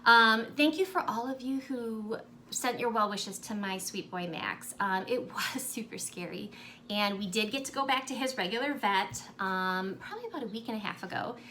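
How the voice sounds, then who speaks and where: A woman with a bright, rather high voice talks casually to her viewers, gushing and sentimental. Her chatter is loose, full of ums and likes, and she sounds openly thankful. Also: normal speed, slight background noise. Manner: gushing, sentimental, warmly grateful. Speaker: cross-stitch vlogger. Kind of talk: casual chat to camera.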